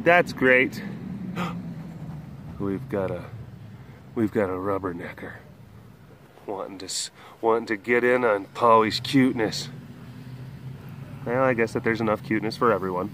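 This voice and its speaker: A man hosting a webcast from an animal compound, talking in a rambling, animated way and cooing at the animals, recorded outdoors on a windy day with a handheld camera. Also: lowish voice, measured pace, pauses often. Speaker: host of an animal facility webcast. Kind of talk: casual vlog chat.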